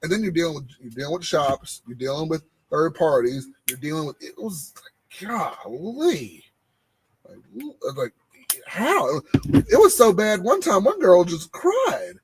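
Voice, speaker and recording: A man, co-hosting a casual podcast and telling animated stories about his old job. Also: a little high, a little slow, a little hiss or hum, poor audio. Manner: animated storytelling, repeating phrases. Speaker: podcast co-host. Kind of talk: casual chat.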